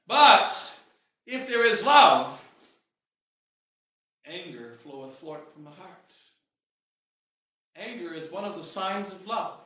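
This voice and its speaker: A man, a bishop, preaching a sermon with passion, acting out quoted voices and swinging from loud outbursts to hushed asides. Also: high-pitched, a little slow, long pauses. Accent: American. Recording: very echoey church, mic far off.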